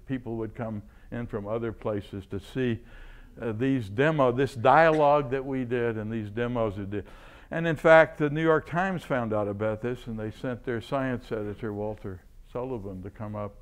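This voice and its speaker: An older man lectures in an easy anecdotal way. He tells stories from his teaching days with plain delight and chuckles often. His voice sits in an ordinary middle register. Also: mid-range voice. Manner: enthusiastic storyteller, chuckling often. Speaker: chemistry professor giving a seminar.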